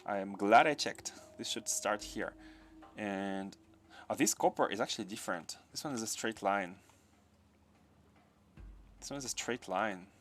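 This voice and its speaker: A man's voice: lowish voice, a little slow, pauses often, fairly bright tone. A man from Russia, with a Russian accent touched by French, muttering to himself as he builds in a game and answering chat on a livestream. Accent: Russian with some French. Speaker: game streamer. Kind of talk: casual livestream commentary while building.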